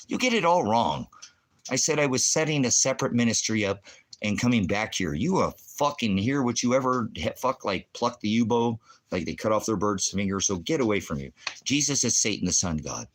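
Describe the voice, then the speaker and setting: A man's voice: deep voice, a bit bright. A man hosting a ministry stream, ranting in a rambling, combative way, full of puns and profanity. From Oregon, USA. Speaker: ministry host.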